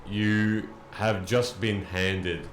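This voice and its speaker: A man running a tabletop game as game master, narrating calmly and slowly. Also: on the low side. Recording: echoey room with faint noise.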